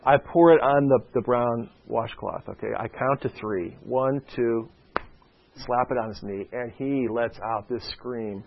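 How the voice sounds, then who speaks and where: A man's voice: medium pitch, measured pace, vocal fry, noisy background. A man preaching a sermon in a conversational, storytelling way, often checking in with his listeners by asking "okay?". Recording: dull lo-fi sound.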